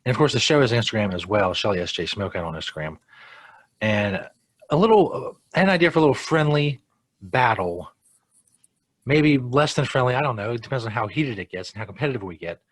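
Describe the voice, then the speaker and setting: A man's voice: mid-range voice, animated, fairly quick, dry recording. A man co-hosting a casual podcast, joking in a dry, laid-back way. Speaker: co-host.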